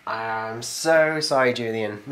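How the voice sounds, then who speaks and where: A man's voice: mid-range voice, very slow, fairly bright tone, slight background noise. Chatty man opening fan mail. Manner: chatty and enthusiastic, laughs often, talks to the camera. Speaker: YouTube channel host opening viewer mail. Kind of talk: casual chat, reading letters aloud.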